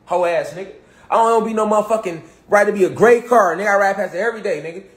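Fast, high-voiced man ranting. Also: echoey room. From Chicago. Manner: emphatic, profane, repetitive street talk. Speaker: commentator. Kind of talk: impassioned rant.

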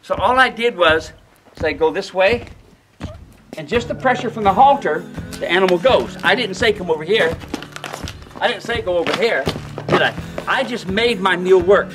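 A man's voice: high-pitched, lively intonation, moderate pace, pauses often, music in the background, rough recording. A man demonstrating mule halter training outdoors at a ranch, folksy and emphatic, who keeps asking his listeners questions.

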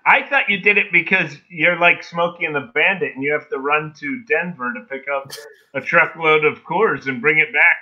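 A man co-hosting a casual podcast, throwing in quick wisecracks. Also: on the high side, lo-fi sound. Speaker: podcast co-host.

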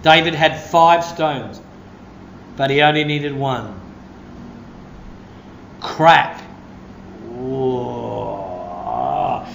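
A man preaching a sermon as a pastor, telling stories with a lively delivery and breaking into shouts of praise. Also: medium pitch, very slow, gravelly, pauses often, a little hiss or hum.

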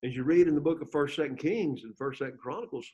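A man leads a Bible lesson in a classroom, his voice sitting somewhat high for a man. He reads scripture aloud with rising emphasis and keeps checking in with the class through questions. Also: fast talker, a little mellow, slightly rough. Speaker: Bible teacher.

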